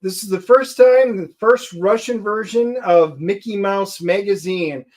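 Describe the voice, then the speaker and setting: A man's voice: high-pitched, unhurried, a little mellow. A man co-hosting a comic book show, casually and enthusiastically explaining things to viewers. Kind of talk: casual chat.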